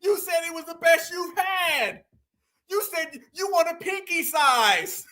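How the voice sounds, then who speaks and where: Dude playing a whiny jealous guy half crying, high-pitched and sharp, slow stretched whines. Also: exaggerated voice. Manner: whining, laugh-cracked, tearful shouting, slowed mocking delivery. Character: whiny jealous man, wounded and sobbing.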